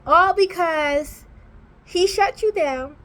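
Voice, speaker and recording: A woman's voice: extremely high pitch, slow. A woman vlogging from her small home office, chatting casually and sassily to camera as she reviews TV shows. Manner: animated, sassy, outspoken.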